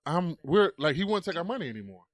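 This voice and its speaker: A man's voice: a little high, very animated, fast talker. A man, a podcast guest, telling a story casually into a close mic. He swears often and acts out the voices.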